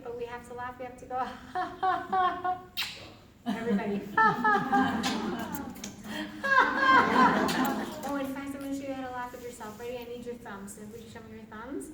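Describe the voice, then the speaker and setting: Woman teaching laughter yoga live, high-ish voice, picked up from a distance with noise behind. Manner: playful, laughs often, chants gibberish sounds. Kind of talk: live group demonstration. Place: large room with an audience. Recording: echoey room from far off, noisy.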